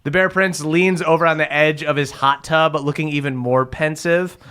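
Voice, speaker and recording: A man serving as game master, narrating a tabletop game in a relaxed, jokey way with frequent fillers. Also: on the high side, moderate pace, smooth. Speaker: game master and podcast host.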